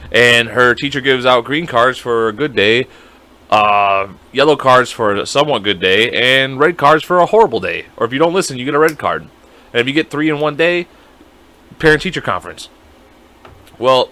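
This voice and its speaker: A young man co-hosting a podcast in casual chat, animated and profane, acting out voices as he tells stories. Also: mid-range voice. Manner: animated, swears a lot, acts out voices. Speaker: podcast co-host.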